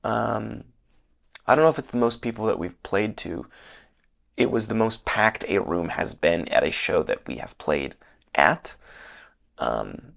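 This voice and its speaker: Hoarse, gravelly-voiced young man rambling. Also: on the low side, expressive, unhurried, long pauses, a bit bright. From Northern Michigan. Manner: rambling, filler-heavy, earnest. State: losing his voice, slightly hoarse. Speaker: podcast host. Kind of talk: casual solo podcast monologue. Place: hotel room.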